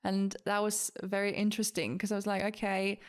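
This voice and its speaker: A woman's voice: medium pitch, little pitch movement, fairly quick. A woman co-hosting a podcast, telling personal stories in a reassuring manner. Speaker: podcast co-host. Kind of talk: casual chat.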